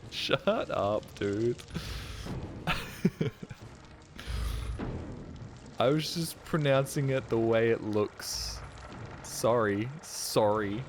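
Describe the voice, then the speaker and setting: A man's voice: mid-range voice, background noise. A man streaming while he plays a game, rambling casually and jokily, swearing often and getting defensive. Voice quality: profane, jokey, defensive.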